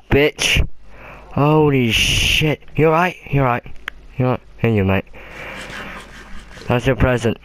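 A man's voice: mid-range voice, smooth. A young Welsh man giving casual, swear-heavy commentary on his game and chatting to his in-game pets. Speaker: gaming commentator.

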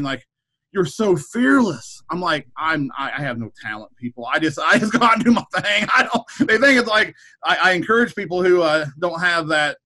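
A man's voice: fairly high pitch, pushed and bright, rough recording. A man, a middle school principal, chatting casually on a podcast, rambling with frequent repeated words and restarts. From Kansas.

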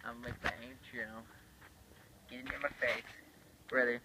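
A young man from Hawaii hosting a casual vlog challenge, loud and laughing often. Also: medium pitch, level tone, moderate pace, noisy background. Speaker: YouTuber.

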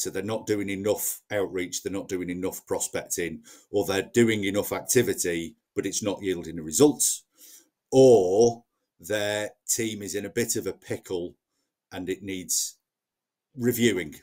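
A man's voice: lowish voice, darkish tone. A man with a Northern English accent, a sales trainer talking casually in a podcast and explaining his process step by step. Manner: plain-spoken, explains step by step with acted-out quotes.

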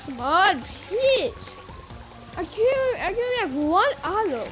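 A woman's voice: extremely high pitch, sing-song, drawn-out words, a bit bright, faint music behind. A woman streaming a game live, talking to herself and viewers with exclamations and pleading at the game. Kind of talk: live gameplay commentary.

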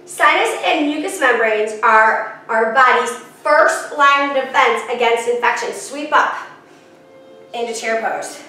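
Upbeat woman yoga teacher, high voice, chatty cues, recorded in a very echoey room from afar with soft music. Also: measured pace, far from the mic. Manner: encouraging, chatty, self-teasing asides. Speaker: yoga instructor. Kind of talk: guided yoga class instruction.

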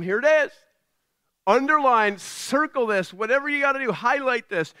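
A pastor preaching to his congregation in a high, bright voice. He tells stories with self-deprecating humor, tosses in conversational asides, and sounds smooth and crisp in a dry, close recording. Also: very animated, moderate pace, no echo. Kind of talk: sermon.

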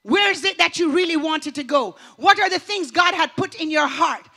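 A woman preaching a rousing sermon in a very high, bright voice. She delivers it fervently and preacherly, rising to loud declarations and dropping to hushed passages. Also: normal speed. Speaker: pastor. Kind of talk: motivational sermon.

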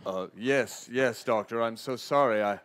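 A man's voice: mid-range voice, measured pace, fairly bright tone, voice pushed down, lightly acted. Man doing a flustered, winded lab assistant. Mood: apologetic. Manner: apologetic, breathless. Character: flustered, winded young male research assistant.

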